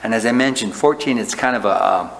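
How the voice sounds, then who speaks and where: A man's voice: mid-range voice, fairly quick, creaky. A man preaching a sermon as a pastor, teaching in a conversational way and often checking in with "right?". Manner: conversational preaching, frequent "right?" tag questions. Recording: long hall reverb, faint room noise.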